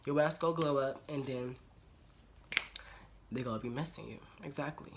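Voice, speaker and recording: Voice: medium pitch, moderate pace, gravelly, background noise. A vlogger giving casual relationship advice straight to camera, talking bluntly and repeating phrases for emphasis, with slang and swearing. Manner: informal slangy speech with swearing.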